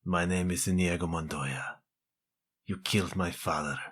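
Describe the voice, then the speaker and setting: A man putting on a hushed vengeful swordsman. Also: deep voice, moderate pace, slightly rough, voice pushed down. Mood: grim vow. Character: male swordsman avenging his father, solemn.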